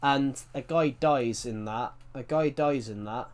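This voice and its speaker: A livestreamer chats casually with his audience while streaming a game, his ordinary voice at medium pitch and a little slow. He rambles through stories and keeps breaking off to correct himself before carrying on.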